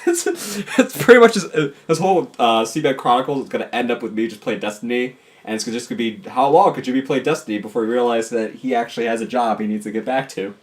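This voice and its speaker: A man giving casual, goofy commentary over a game, talking to and yelling at his virtual pets. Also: medium pitch. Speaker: gameplay commentator.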